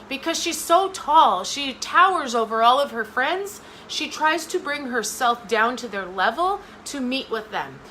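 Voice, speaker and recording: A woman's voice: sits high, lively intonation, moderate pace, few pauses, pushed and bright, a little hiss or hum, poor audio. A middle-aged woman giving a motivational talk straight to her viewers, emphatic and repeating phrases for effect. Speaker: motivational speaker.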